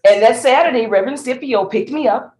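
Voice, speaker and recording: A middle-aged woman from Mississippi with a Southern accent, a singer telling her life story in an interview, animated and laughing often. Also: a little high, fairly quick, roomy sound. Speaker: guest, singer and speaker.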